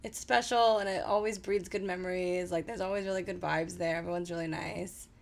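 A woman's voice: fairly low pitch, fairly even intonation, brisk, creaky. A woman co-hosting a casual podcast, laid-back and self-deprecating, laughing often and using casual slang. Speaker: podcast co-host. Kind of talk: casual chat.

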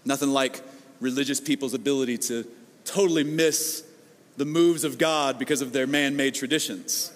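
A man preaching a sermon as pastor, animated and conversational, acting out the people he quotes. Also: mid-range voice, moderate pace, long reverb tail.

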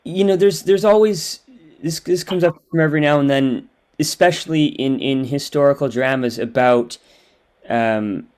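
A man's voice: a little high, normal speed, darkish tone, clear, resonant tone. A man interviewing two guests about a drama series, asking long questions with many restarts and repeated words.

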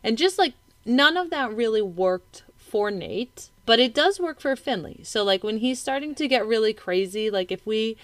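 A woman's voice: fairly high pitch, lively intonation, normal speed, hardly any pauses, no room sound. A woman in her thirties co-hosting a casual parenting chat, talking earnestly and thinking aloud with lots of fillers. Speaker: podcast co-host.

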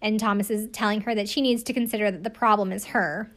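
A woman with a mid-range voice and a steady tone talks fast as she recaps a reality TV episode. Her delivery is casual, chatty and profane, peppered with "like" and frequent laughter.

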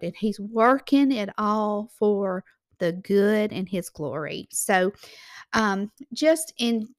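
A woman's voice: mid-range voice, dry recording, clean studio sound. A woman hosting a Christian devotional show, giving an earnest, encouraging sermon and reading scripture verses aloud. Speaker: Christian ministry host.

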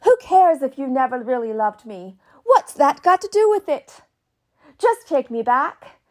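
Woman hamming up a heartbroken lady begging her ex, high and swooping, way over the top. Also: big pitch swings, unhurried. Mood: desperate pleading. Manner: pleading, overwrought, repetitive begging.

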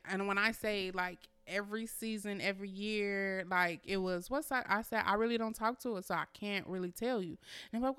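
A woman's voice: mid-range voice, brisk, a bit bright, clean tone. A woman in her thirties co-hosting a podcast, chatting candidly and swearing freely, often mocking herself. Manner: candid, profane, self-mocking. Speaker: podcast co-host. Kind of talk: casual chat.

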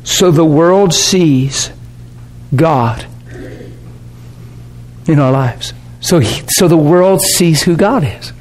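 Brief: high-pitched male preacher, casual teaching tone, quick to laugh, keeps asking the room if they follow. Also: darkish tone. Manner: conversational, checks in with the class, laughs often. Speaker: pastor. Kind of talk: sermon teaching. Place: warm classroom or church hall.

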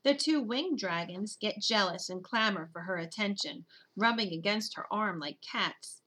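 Audiobook narrator: a woman who reads a children's storybook in first person, bright and expressive. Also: mid-range voice, measured pace.

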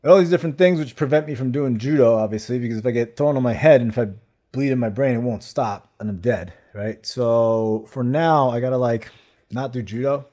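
Man, casual podcast talk, animated storyteller, mid-range voice, recovering from a stroke. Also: medium pitch, fairly quick. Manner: animated storyteller, acts out quoted exchanges, laughs often. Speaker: podcast co-host. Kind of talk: casual chat.

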